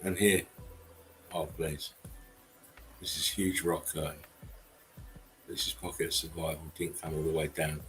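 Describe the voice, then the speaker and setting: A man's voice: very deep voice, flat delivery, a little slow, long pauses, a bit bright, soft background music, low-quality recording. A man hosting a casual livestream, talking bluntly, swearing and chuckling often. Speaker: channel host.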